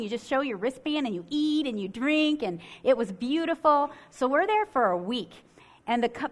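A middle-aged woman from Michigan preaching a sermon, telling a story in an animated way and acting out what people said. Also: a little high. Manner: animated, acts out quotes with swings in loudness.

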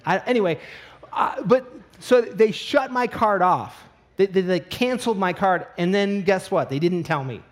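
Man, middle-aged, pastor, high voice, comic anecdotes, animated sermon delivery. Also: normal speed. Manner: comedic storytelling, animated asides. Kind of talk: sermon with personal story.

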